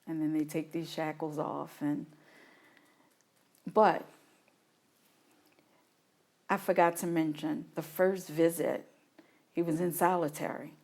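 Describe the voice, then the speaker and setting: A middle-aged woman from New Orleans speaks in a deep voice with a gravelly edge. She tells her story in an interview, and she acts out the things she once said and felt. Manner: animated retelling, acts out her own past reactions. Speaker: guest, mother of an incarcerated son.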